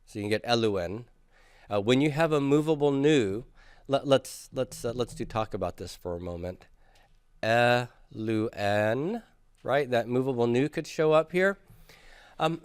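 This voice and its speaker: A man's voice: mid-range voice, measured pace, clean tone, no room sound, studio quality. A man teaching a classroom grammar lecture, patiently drilling students through forms and asking them to repeat after him. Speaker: Greek teacher.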